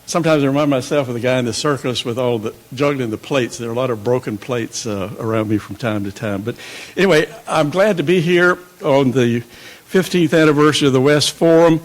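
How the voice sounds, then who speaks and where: An older man from South Carolina giving a guest lecture, halting with many fillers and folksy asides. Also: mid-range voice. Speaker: guest speaker. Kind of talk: lecture remarks.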